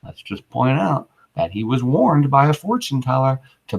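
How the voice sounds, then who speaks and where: A male teacher talking through a classic play in plain, informal language, dropping slang asides as he goes. His pitch swings widely, which keeps his explanations animated. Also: moderate pace, vocal fry. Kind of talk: casual explanatory lesson on a play.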